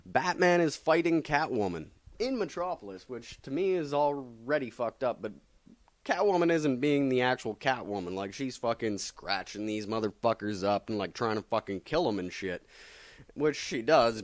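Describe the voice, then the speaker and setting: A man's voice: mid-range voice, dry recording. A man casually recapping comics, rambling and swearing constantly with lots of fillers. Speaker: comic book vlogger.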